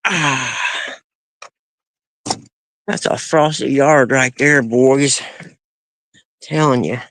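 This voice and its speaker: A man's voice: mid-range voice, steady tone, very slow, fairly bright tone, dry recording. A man talking casually to his dogs in a rambling, folksy way during a live stream, in his backyard and doorway at sunrise. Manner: folksy with country grammar. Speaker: vlogger.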